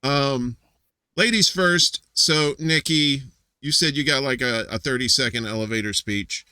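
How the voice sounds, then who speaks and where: A bright-voiced man hosts a loose live-stream chat over a video call, rambling and joking as he goes. He restarts his sentences often, and his voice sounds dry and close. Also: mid-range voice, unhurried, clean tone, no room sound. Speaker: host.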